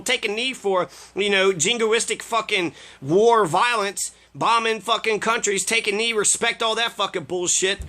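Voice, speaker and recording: A man's voice: high-pitched, bright, forceful tone. A man giving sarcastic political commentary, swearing heavily and trailing off into fillers as he rants. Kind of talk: profane ranting commentary on played clips.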